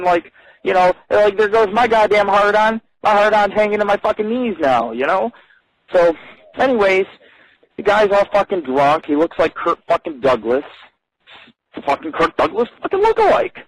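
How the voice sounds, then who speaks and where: A man's voice: high-pitched, fairly bright tone, low-quality recording. A man hosting a live radio show, telling crude, rambling stories full of swearing. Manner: profane, swears constantly, rambling.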